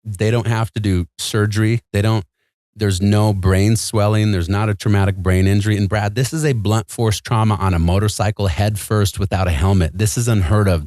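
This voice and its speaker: A man's voice: lowish voice, darkish tone, no echo, studio quality. A man as an interview guest, telling a personal story in a casual, earnest and emphatic way, full of "like" and "man".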